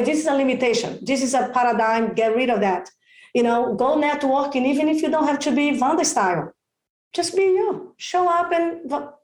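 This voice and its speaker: High-pitched woman, expressive, excitable real estate agent, echoey room. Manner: expressive, excitable, many exclamations. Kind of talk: enthusiastic interview advice.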